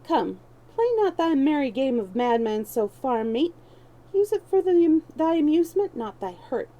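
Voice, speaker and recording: Woman voicing a sly young male beggar-thief, scheming, mocking, archaic talk, mellow higher voice, storybook reading. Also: animated, measured pace, muffled recording.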